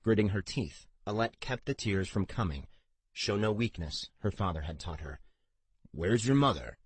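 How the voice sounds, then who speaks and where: A man narrating an audiobook in a steady, even storytelling delivery. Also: fairly low pitch, normal speed, breathy edge, no echo. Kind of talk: scripted narration.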